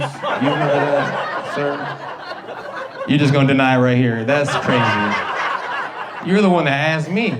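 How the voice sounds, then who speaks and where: A man in his thirties doing a stand-up comedy set, animated and slipping into put-on voices. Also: on the high side, normal speed, a little hiss or hum. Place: comedy club stage with audience.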